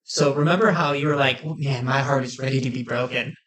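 A man co-hosting a casual fan podcast, talking with excited, animated energy. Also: medium pitch, fast talker, crowd noise. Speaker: podcast co-host. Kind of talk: casual chat.

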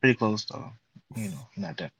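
A man's voice: fairly low pitch, animated, normal speed. A man co-hosting a casual podcast, teasing and joking with the others. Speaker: podcast co-host.

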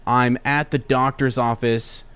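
A young man hosting a podcast, telling a casual story in an animated, rambling way with many restarts. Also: mid-range voice, unhurried, clear, resonant tone, dry recording. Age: young adult. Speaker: podcast host.

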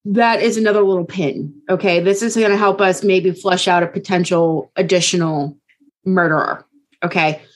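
A woman's voice: lowish voice, fairly even intonation, moderate pace. A woman co-hosting a podcast, telling a true crime story in a casual way and checking in with her listeners. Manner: casual, keeps checking in with okay. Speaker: podcast co-host.

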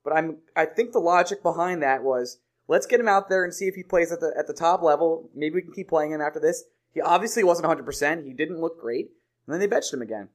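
A man's voice: on the high side, expressive, fast talker. A man hosting a sports podcast in easygoing, casual chat, laughing often. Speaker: podcast host.

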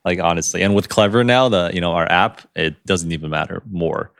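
Deep gravelly male podcast host. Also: no room sound, clean studio sound. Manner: animated, laughs often, words tumbling fast. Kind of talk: casual podcast chat.

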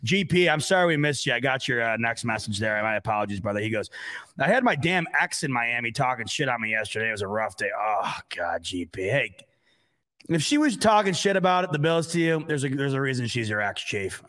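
A man co-hosts a casual sports chat at a middle pitch, and his voice rides up and down a lot. He is expressive, flaring into loud outbursts and then sinking into low grumbling. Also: brisk. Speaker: co-host.

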